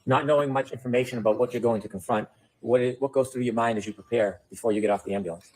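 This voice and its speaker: A man's voice: medium pitch, fairly even intonation, fast, a little mellow, poor audio. A man questioning a witness in court as an attorney, with direct, prompting questions. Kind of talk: courtroom examination.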